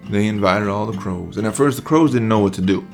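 A man narrates a children's story in a relaxed, folksy manner. His voice is deep and gravelly, and soft guitar plays behind it. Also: fairly quick. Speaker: children's podcast host and storyteller.

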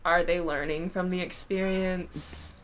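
A woman's voice: fairly low pitch, fairly even intonation, unhurried, a little hiss or hum. A young woman co-hosting a podcast, chatty and giggly, often finishing her friend's sentences. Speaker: podcast co-host. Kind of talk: casual chat.

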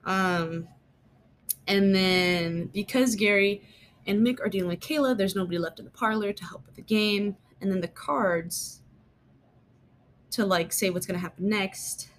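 A woman's voice: mid-range voice, steady tone, unhurried, a little hiss or hum. A woman casually recapping a TV episode in a chatty, rambling way, full of fillers and emphatic asides. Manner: emphatic, mock-exasperated asides.

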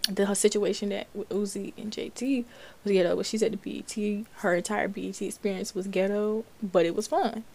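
A young woman from Florida hosts a podcast in a mid-range, slightly mellow voice, chatting casually about celebrity news. She reads articles aloud and reacts to them as she goes.

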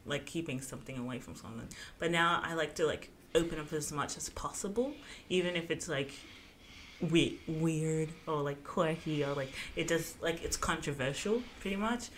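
A woman's voice: sits low, a bit bright, a little hiss or hum. A young woman co-hosting a podcast in casual chat, rambling with lots of fillers and giggles. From Australia. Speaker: podcast co-host.

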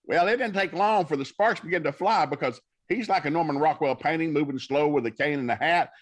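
Folksy preaching man, slightly high voice. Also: a little fast. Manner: folksy preacher storytelling, acts out dialogue. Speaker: minister. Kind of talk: storytelling talk-show guest.

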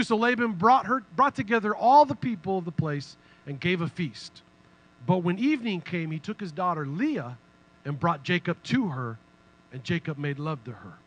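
Guy preaching, bright tense voice, jokey and lively, kinda high. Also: dry recording, rough recording. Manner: animated, humorous, conversational preaching. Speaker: pastor. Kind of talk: sermon.

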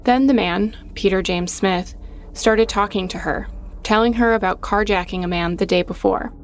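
A woman reads a scripted documentary narration in a steady, even-toned manner. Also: mid-range voice, normal speed, a little hiss or hum.

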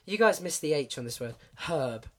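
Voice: mid-range voice, animated, quick pace, fairly bright tone. A speaker from the UK with a British accent, playfully chatting about words on a podcast. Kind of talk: casual chat.

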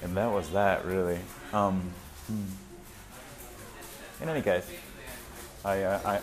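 A man's voice: sits low, level tone, slow pace, pauses often. A man talking casually to the camera from his parked car, rambling with lots of fillers and chuckling asides. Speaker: vlogger.

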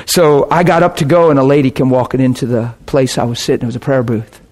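A man preaching, telling a personal story to his audience in an animated, emotional way with bursts of laughter. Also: mid-range voice, quick pace. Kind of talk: anecdotal storytelling sermon.

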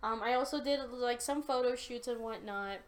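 Young woman podcaster, high voice, chatty and animated, swears a lot. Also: moderate pace. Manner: animated storytelling, swears often. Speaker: podcast host. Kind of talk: casual chat.

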